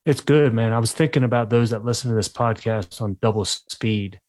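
A man's voice: medium pitch, brisk, darkish tone. A man hosting a podcast, chatting casually and asking his guest eager, friendly questions. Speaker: podcast host, author.

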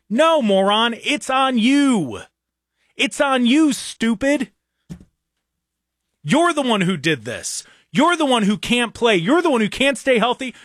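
A man's voice: sits high, fairly bright tone, no echo, clean studio sound. A man hosting a talk show, delivering a heated, exasperated rant with frequent stammering restarts and mocking jabs.

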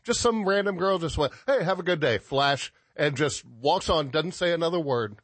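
A man co-hosting a radio show, bantering and joking in an animated way. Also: on the high side, normal speed, dry recording. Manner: animated, bursts into mock voices. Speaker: radio co-host.

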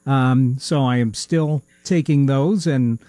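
A man's voice: medium pitch, slow pace, dark tone, no echo. A male podcast co-host chatting casually, rambling through his story with plenty of ums and little laughs. His speech carries a slight lisp, and the recording is dry and close with no room sound. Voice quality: slight lisp from a missing tooth. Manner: rambling, hesitant with many fillers and laughs. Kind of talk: casual chat.

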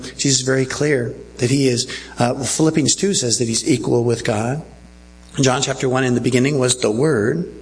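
A man's voice: medium pitch, creaky, low-quality recording. A male pastor preaching a sermon earnestly and checking in with his listeners.

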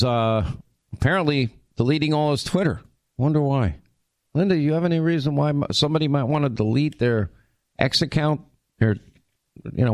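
A man's voice: medium pitch, no room sound. A man hosting a political talk show, giving opinionated commentary with sarcastic asides and frequent restarts.

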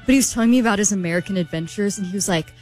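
A woman's voice: medium pitch, rapid-fire, soft background music. A woman on a radio show casually and animatedly recounting a date, quoting people as she goes. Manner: animated, gasping, quotes people in voices.

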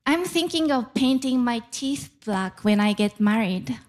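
A young woman with a Japanese accent performing a stand-up comedy set on stage, with a deadpan, deliberate delivery. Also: fairly high pitch. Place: comedy club stage before a laughing audience.

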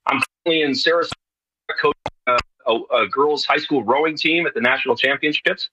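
A middle-aged man from New York talks casually in a very bright, sharp voice. He rambles, with many fillers and restarts. The line is dull and lo-fi. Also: mid-range voice, fast, slight background noise. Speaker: guest, TV show host. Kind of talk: casual radio interview.

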